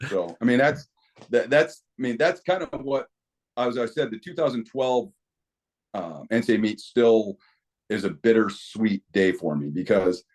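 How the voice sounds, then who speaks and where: Guest, middle-aged man, low voice, animated storyteller who restarts sentences. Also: unhurried. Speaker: podcast guest, equipment company owner. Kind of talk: casual interview talk.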